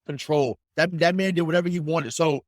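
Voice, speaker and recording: A man's voice: on the high side, a little fast, no room sound, clean studio sound. A man co-hosting a casual sports podcast, talking in loose, slangy bursts. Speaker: podcast co-host.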